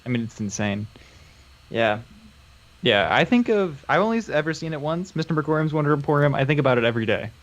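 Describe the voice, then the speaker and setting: A man's voice: mid-range voice, sing-song, fairly quick, fairly bright tone, lo-fi sound. A man co-hosting a hobby livestream in casual chat, laid-back and jokey, laughing a lot. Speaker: livestream co-host.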